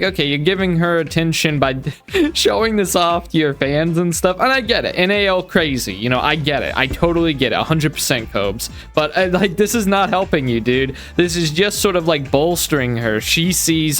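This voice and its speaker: A man's voice: on the high side, animated, moderate pace, a bit bright, soft background music. A man hosting a reaction commentary, rambling along in a sarcastic, mock-admiring tone and calling his audience friends and folks. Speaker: commentary channel host.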